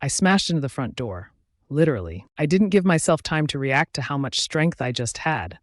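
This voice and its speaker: A man's voice: a little high, expressive, normal speed, no room sound, clean studio sound. A man narrating a first-person werewolf romance story in a dramatic storytelling reading.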